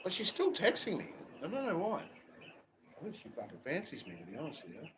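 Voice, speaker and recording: An Australian man livestreams outdoors near a beach, chatting casually, speaking bluntly and swearing constantly. His voice is a little high, with wildly swooping pitch and a fairly quick delivery, and street noise and traffic can be heard around him.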